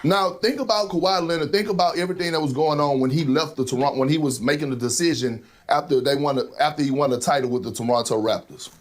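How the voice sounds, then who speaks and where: A man's voice: fairly high pitch, quick pace, hardly any pauses. A man giving sports debate commentary in an emphatic way, repeating his key numbers. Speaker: sports analyst.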